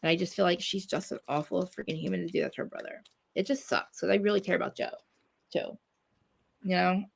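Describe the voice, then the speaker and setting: A woman from New Jersey rants in casual chat, swearing a lot and repeatedly restarting her sentences. Her voice is fairly low and creaky, and she talks quickly.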